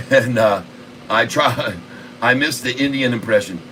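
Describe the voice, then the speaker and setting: Man, livestream host, jokey and laughing, bright voice, off-mic. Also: medium pitch, unhurried, far from the mic, a little hiss or hum, poor audio. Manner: jokey, laughs often, reads chat aloud. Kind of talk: casual livestream chat.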